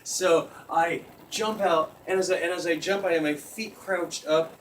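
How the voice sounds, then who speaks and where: A young man telling a comic story in casual chat, laughing constantly, swearing and acting out loud screams. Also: on the high side, fairly even intonation, measured pace. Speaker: storyteller guest. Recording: distant mic with faint background noise.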